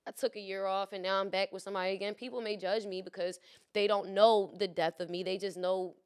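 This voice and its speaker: Frank, clear-voiced woman guest. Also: mid-range voice, fast. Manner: frank, expressive, swears freely, acts out quoted lines. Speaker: podcast guest. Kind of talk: candid casual chat.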